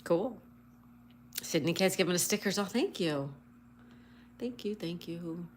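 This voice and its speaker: Lowish and expressive, this woman speaks unhurriedly over a faint hiss or hum. She hosts a casual stream where she names viewers as she greets them, reads chat messages out loud, and spells crossword answers letter by letter.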